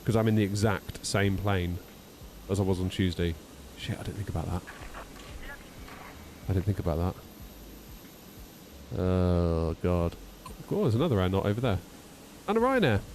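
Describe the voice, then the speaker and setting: Low and darkish, this man speaks at normal speed with long pauses, against slight background noise. In his 30s, he streams sim flying from a home simulator room, running checklists and chatting jokily and self-deprecatingly with his audience.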